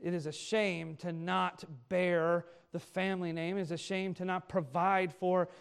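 A male pastor preaching a sermon in an animated way, acting out the speech of people he quotes. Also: sits high, a little slow, creaky, clear, resonant tone.

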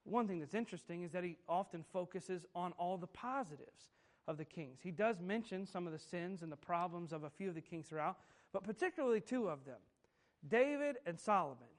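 High-voiced man preaching a sermon. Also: lively intonation, brisk. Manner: emphatic, repetitive preaching with rhetorical questions. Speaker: pastor.

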